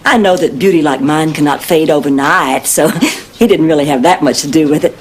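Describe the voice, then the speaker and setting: A woman's voice: deep voice, a little fast, a little hiss or hum, close to an everyday voice. A woman playing a vain, flirtatious Southern belle type. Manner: coquettish, self-admiring drawl. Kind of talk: sitcom acting.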